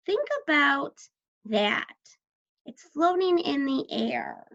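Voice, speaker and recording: A woman's voice: high voice, wildly swooping pitch, a little slow, fairly bright tone, muffled recording. A woman teacher guiding children through a story with patient questions.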